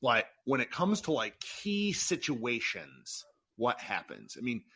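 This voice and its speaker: A man's voice: medium pitch, takes it slowly, slightly rough. A man hosting a live call-in sports podcast, talking casually and venting in bursts. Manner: animated, swears and vents in bursts. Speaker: podcast host. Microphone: remote live-stream call.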